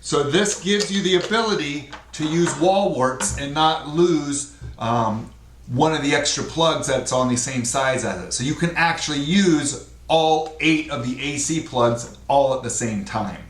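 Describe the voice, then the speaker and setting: A man's voice: a little high, measured pace. Man reviewing gadgets in an echoey room. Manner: plain, explaining step by step with fillers. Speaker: product reviewer. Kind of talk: casual unboxing review. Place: indoor room at a desk. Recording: echoey room, faint noise.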